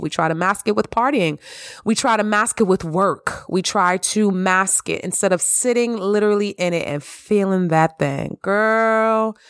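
A woman talks alone into her podcast mic at home with an impassioned, emphatic voice that sits in a middle pitch. She repeats her phrases and leaps high when she turns to reassure herself. The sound is dry and close, with no room echo. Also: gravelly, a bit bright. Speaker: podcast host. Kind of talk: heartfelt solo podcast monologue. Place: at home in the evening.

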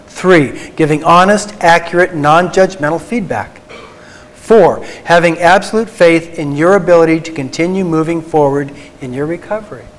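A man, a Christian psychologist, giving an earnest faith talk to a group, slowing down and softening for emphasis. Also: a little high, low-quality recording. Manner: earnest, tender, slows for emphasis.

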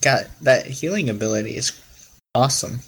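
A man co-hosting a casual anime podcast, talking haltingly while he improvises a fight scenario. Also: mid-range voice, fairly bright tone, husky, poor audio. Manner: halting, full of fillers and restarts. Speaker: podcast co-host.

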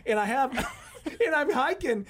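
A man telling a funny hiking story on a radio show, animated and laughing often as he acts out quotes. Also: extremely high pitch, a little slow, noisy background. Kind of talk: casual radio chat.

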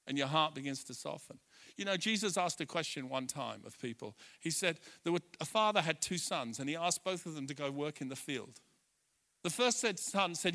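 High, bright-voiced animated preacher man. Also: a little fast. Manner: animated storyteller, swinging from soft asides to loud bursts. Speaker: pastor. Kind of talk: sermon. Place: church.

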